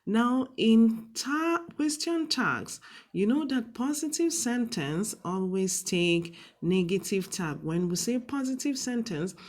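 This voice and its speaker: In a slightly high, expressive voice, a woman delivers a televised classroom grammar lesson. Her explanations are slow and patient, and she repeatedly asks "okay?" and "all right?" after every point.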